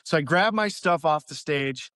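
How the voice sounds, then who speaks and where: A man's voice: on the high side, animated, moderate pace, bright, forceful tone, dry recording, clean studio sound. A man, a guest musician, telling a story casually with lots of fillers, laughing as he goes.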